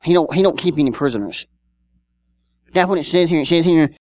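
A man's voice: a little high, fairly quick, pauses often, darkish tone, no room sound. A man, preaching a sermon in a conversational style with rhetorical questions and personal stories. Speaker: pastor.

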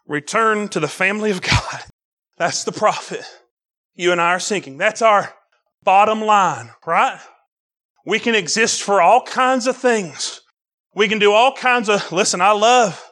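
A male preacher delivering a fiery revival sermon, rising to shouts and calling out to the congregation. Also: high-pitched. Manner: builds to shouted excitement, calls out to the congregation.

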